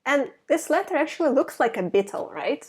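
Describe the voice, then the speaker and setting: A woman teaching the Russian alphabet in a casual, playful lesson, a Russian native speaker saying each word slowly. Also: high voice, sing-song, a little mellow. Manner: slow, playful, spells out words one by one. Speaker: Russian language tutor.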